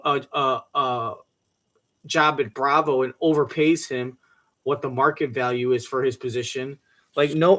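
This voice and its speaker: A man's voice: medium pitch, a bit bright. A man ranting in a mocking, profane comedic way, swearing freely and putting on voices. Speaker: commentator reacting to a talk show clip.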